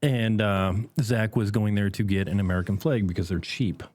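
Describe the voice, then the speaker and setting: A man's voice: lowish voice, moderate pace. A man co-hosting a podcast in casual chat, telling stories and swearing freely. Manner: animated storyteller, swears freely. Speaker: podcast co-host.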